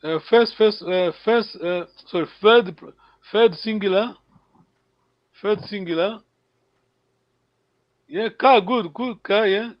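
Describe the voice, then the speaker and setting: High-voiced patient male language teacher. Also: no echo. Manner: patient, encouraging, repeats words slowly. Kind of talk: online language lesson. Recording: dull lo-fi call audio.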